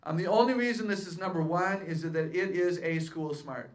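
A woman addressing a live audience at a faith-based seminar. She talks in a lively way, keeps asking the crowd questions, and pokes fun at herself. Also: fairly low pitch, moderate pace. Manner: playful self-mocking humor. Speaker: seminar speaker and author.

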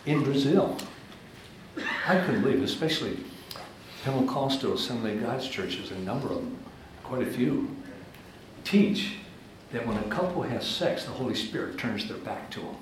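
A man giving a church seminar talk, telling stories with animated, emphatic swings into high excited tones. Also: normal speed, pauses often. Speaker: guest speaker at church seminars. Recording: very echoey hall with faint room noise.

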